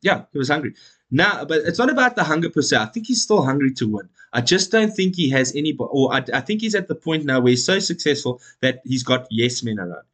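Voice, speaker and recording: A man's voice: fairly high pitch, animated, brisk, hardly any pauses, a bit bright. A man hosting a podcast in casual chat, emphatic and blunt, who swears and laughs often. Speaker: podcast host.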